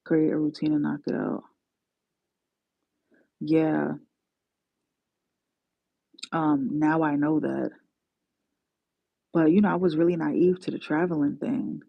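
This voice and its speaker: Gravelly-voiced New woman chatting. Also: low voice, flat delivery, takes it slowly, long pauses, no echo. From New York. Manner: chatty, slangy, self-mocking, laughs often. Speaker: travel nursing aide, livestream host. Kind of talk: casual livestream chat. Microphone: phone. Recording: dull lo-fi phone audio.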